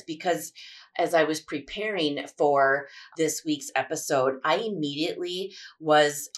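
A woman with a notably low voice leads a devotional Bible teaching. She speaks earnestly and reflectively and often restarts her sentences as she works through her thoughts. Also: a bit bright. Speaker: podcast host.

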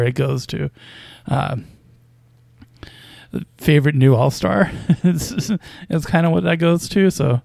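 A man's voice: a little high, takes it slowly, gravelly, a little mellow, no room sound. A man casually commenting on basketball news as a podcast host, with a hesitant, wry delivery full of fillers and small chuckles.

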